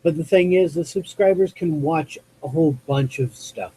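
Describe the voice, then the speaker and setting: A man from the US West Coast hosting a live call-in show, talking off the cuff in a rambling, halting way as he searches for words. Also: a little high, dark tone, husky, poor audio. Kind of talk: unscripted monologue to chat viewers.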